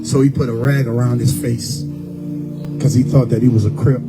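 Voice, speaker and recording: A man preaching a fiery street sermon, swinging from low murmurs to shouted pleas. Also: fairly even intonation, moderate pace. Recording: music bed behind the voice.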